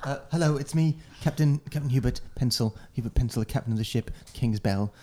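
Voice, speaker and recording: A man's voice: mid-range voice, fairly quick, warm tone, lightly acted. A man playing a flustered, dim-witted male ship captain who stammers nervously.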